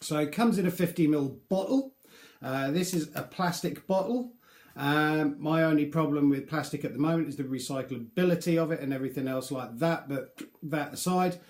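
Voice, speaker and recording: A man's voice: fairly high pitch, normal speed, darkish tone. A man chatting casually through a beard product review, rambling and joking about himself. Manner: chatty, rambling, self-deprecating. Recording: echoey room.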